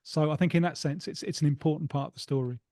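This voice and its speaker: A man's voice: a little high, fast, dark tone, dry recording. Thoughtful male football analyst, dry sound. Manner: thoughtful, repeats words while thinking. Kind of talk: podcast conversation.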